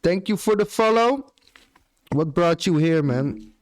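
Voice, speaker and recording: A man's voice: high-pitched, expressive, measured pace, dry recording. A young man with an Australian accent chatting casually on a live stream, swearing offhandedly and tacking "bro" onto his lines. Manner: laid-back, swears casually, often ends lines with "bro".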